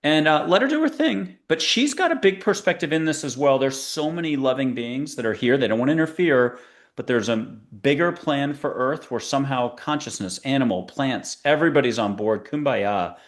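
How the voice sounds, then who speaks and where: A male talk-show host speaking in a lively, rambling way. His pitch swings up and down as he hops from one idea to the next in casual chat. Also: moderate pace. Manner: rambling, animated, jumps between ideas. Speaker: podcast host.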